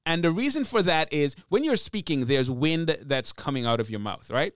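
Man explaining podcasting, smooth clear voice. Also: fairly high pitch, lively intonation, moderate pace, no room sound, clean studio sound. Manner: chatty explaining, demonstrates mic technique. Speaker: podcast host. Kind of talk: instructional talk. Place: small home podcast studio. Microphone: podcast microphone with pop filter.

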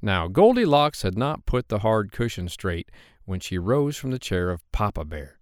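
A man reading a bedtime story aloud for his podcast, expressive and slowing down gently at calm moments. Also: lowish voice, dry recording, clean studio sound.

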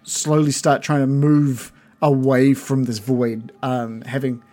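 A man's voice: mid-range voice, level tone, slow, a little mellow. A man narrating a tabletop game as game master, loose and hesitant, with many fillers.

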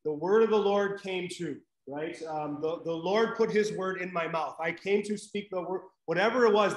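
A man's voice: sits high, roomy sound, poor audio. A man teaching a live Bible class in a conversational way, checking in with "right?" and using many fillers.

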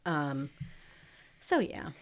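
A woman's voice: low voice, big pitch swings, very slow. A young adult woman co-hosting a podcast, telling stories in a frank, wry, chatty way. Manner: chatty storyteller, frank and wry, with many fillers. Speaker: podcast co-host. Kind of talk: casual chat.

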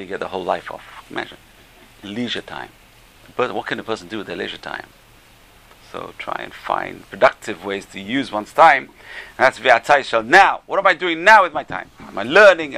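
A middle-aged or older man, a rabbi teaching a class, tells stories in an animated way with many rhetorical questions. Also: mid-range voice, gravelly. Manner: animated, rhetorical questions, stretches key phrases. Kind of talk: Torah class storytelling.

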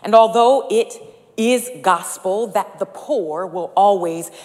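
Slow, rhythmic woman preaching in a reverberant hall. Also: medium pitch, a little mellow. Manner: rhetorical, rhythmic repetition building in intensity. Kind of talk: sermon. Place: church sanctuary. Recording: long reverb of a large hall.

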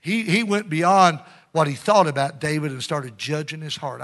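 Bright-voiced preacher calling for amens. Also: male voice, fairly high pitch, animated, quick pace, few pauses. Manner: call-and-response preaching, urging amens; swings between loud emphasis and hushed asides. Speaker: pastor. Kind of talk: sermon.

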